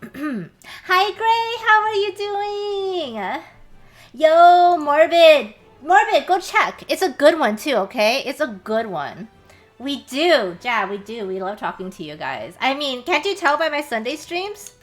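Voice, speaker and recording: A young American woman chats casually on a live stream, greeting viewers by name and swearing freely. Her voice sits high and swings widely in pitch. Faint music plays behind her. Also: very animated, unhurried. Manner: chatty, swears, laughs often, talks to chat by name. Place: warm small room.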